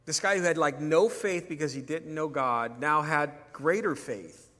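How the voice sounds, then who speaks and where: Conversational preacher in a reverberant hall. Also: male voice, fairly high pitch, moderate pace, a bit bright. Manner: conversational, acts out dialogue when telling stories. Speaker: pastor. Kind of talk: sermon.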